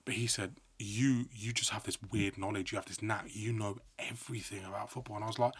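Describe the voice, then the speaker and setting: Podcast guest, man, middle-aged, animated storyteller, lower voice. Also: a little fast, slightly rough. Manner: animated storyteller, acts out quotes. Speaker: podcast guest, sports broadcaster. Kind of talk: casual storytelling chat.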